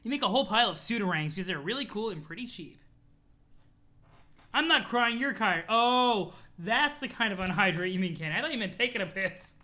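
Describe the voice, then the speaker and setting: A streamer casually chatting with viewers and reading a webcomic aloud, in an animated, chatty way with casual swearing. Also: mid-range voice, fast, hardly any pauses. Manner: thanks chat followers, talks to viewers.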